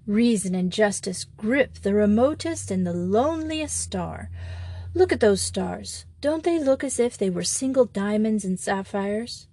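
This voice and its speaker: A woman voicing a small, mild male priest who talks in a calm, reasoned and earnest way. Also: mid-range voice, unhurried, breathy edge, no echo.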